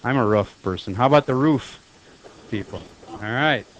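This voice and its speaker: A man teaches math to a room of students, talking in a loose, chatty way. He keeps stopping to quiz the class with quick questions. His voice sits at an ordinary middle pitch. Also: highs cut off, slight background noise. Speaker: high school math teacher. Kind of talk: classroom lecture.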